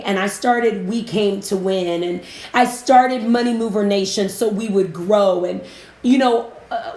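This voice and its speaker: A woman hosts a live business-coaching stream and talks to her viewers in a chatty way. She sounds emotional and close to tears as she talks. Her voice sits at a middle pitch and carries a roomy echo. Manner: chatty, gives shout-outs. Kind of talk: casual live-stream talk.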